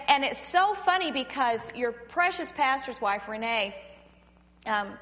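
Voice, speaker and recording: A woman's voice: high-pitched, long reverb tail. A middle-aged woman from North Florida with a Southern accent, speaking to a women's church gathering in a chatty, humorous way. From North Florida, USA. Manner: chatty, self-deprecating humor, animated acted-out quotes. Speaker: pastor's wife, guest speaker at women's meeting. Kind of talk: conversational sermon with storytelling.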